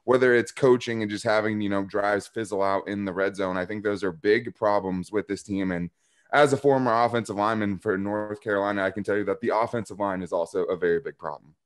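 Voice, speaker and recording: A man's voice: fairly low pitch, fairly even intonation, a little fast. A man laying out his points analytically as a podcast guest.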